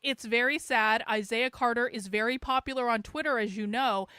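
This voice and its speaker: Woman streamer going off, sarcastic and sweary, high clear voice, dry close sound. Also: normal speed, pushed and bright, no room sound. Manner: sarcastic, profane, rambling with laughs. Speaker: livestream host. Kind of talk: casual livestream rant.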